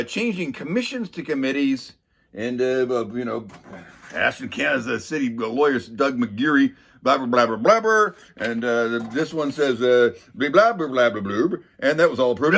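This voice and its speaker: Wry male commentator, husky and slightly high-pitched, deadpan sarcastic recap delivery with frequent "uh" fillers. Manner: wry, deadpan, lots of uh fillers, mocking quoted voices. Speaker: local video commentator. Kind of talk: casual sardonic meeting recap.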